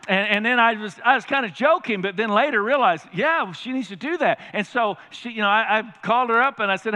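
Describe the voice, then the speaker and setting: Male pastor preaching, high and bright, emphatic, asks the room questions, long church reverb. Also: expressive, normal speed. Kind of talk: sermon. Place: large church sanctuary.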